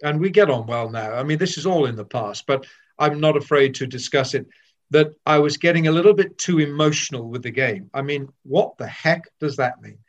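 An older man from Wales recalls his playing days in a candid, animated way, often restarting his sentences. His voice sits a little high for a man. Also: brisk. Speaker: former cricketer. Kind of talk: reminiscing storytelling.

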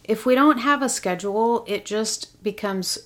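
A woman's voice: fairly high pitch, unhurried, fairly bright tone. Giggly woman chatting playfully. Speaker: podcast co-host. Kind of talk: casual chat.

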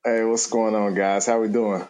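A man co-hosting a podcast with a smooth, playful way of talking in casual slang. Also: lowish voice, little pitch movement, moderate pace, a little mellow. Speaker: podcast co-host. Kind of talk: casual chat.

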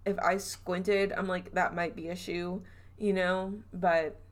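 A woman with a Southern US accent hosting a podcast, telling a spooky story in a chatty, animated way and acting out quotes. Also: fairly low pitch, slow pace. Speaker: podcast host. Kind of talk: casual storytelling chat.

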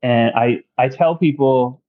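Halting, casual man telling his story. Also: mid-range voice, phone-quality sound. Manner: halting, many fillers and restarts. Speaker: podcast guest, tattoo artist. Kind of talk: casual conversational testimony.

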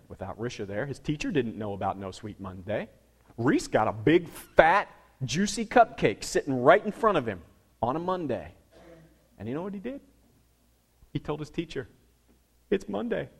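A middle-aged pastor with a fairly high voice preaches a sermon, telling stories that swing dramatically from loud to hushed.

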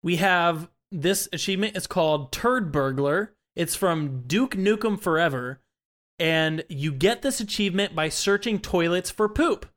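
A young man with a slightly higher voice runs a casual quiz among friends. He reads each item out plainly and breaks into laughter often. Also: animated, measured pace, a bit bright. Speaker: quiz host. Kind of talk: casual podcast chat.

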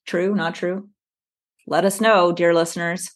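Lower-voiced woman podcaster reading aloud. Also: fairly even intonation, measured pace. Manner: reads aloud while breaking into giggles. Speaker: podcast co-host. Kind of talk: casual podcast chat, reading historical text aloud.

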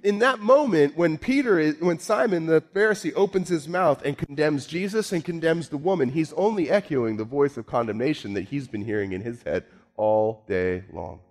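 Man preaching with wide dynamic swings. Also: lively intonation. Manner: wide swings from low, quiet musing to raised, emphatic preaching; repeats himself, speaks slowly for emphasis. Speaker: pastor. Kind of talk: sermon.

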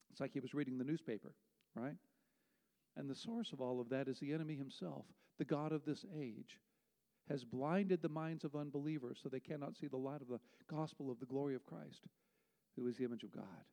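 A man's voice: mid-range voice, brisk, gravelly, warm tone. A man preaching a sermon as pastor, emphatic and rhetorical, reading scripture aloud. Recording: long hall reverb.

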